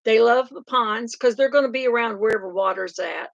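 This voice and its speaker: Older woman, rambling chatty stream host, slightly high voice. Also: a little fast, vocal fry, dry recording, dull audio. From Oklahoma. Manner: chatty, rambling, laughs often. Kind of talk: casual chat reading comments.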